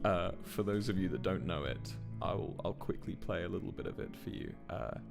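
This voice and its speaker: A man's voice: sits low, normal speed, gravelly, faint music behind. A man in his twenties tells a rambling story casually on a livestream and swears often. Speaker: musician and streamer.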